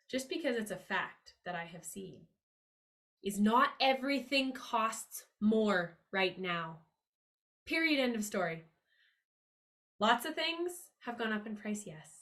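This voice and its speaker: An upbeat woman talks straight to her listeners in a motivational podcast monologue, at an ordinary, middle-of-the-road pitch for a woman. She is earnest and confiding, and her voice jumps up with emphasis whenever she drives a point home. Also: fairly bright tone. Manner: upbeat and emphatic, rising pitch on key words. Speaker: podcast host. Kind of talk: motivational money-mindset monologue.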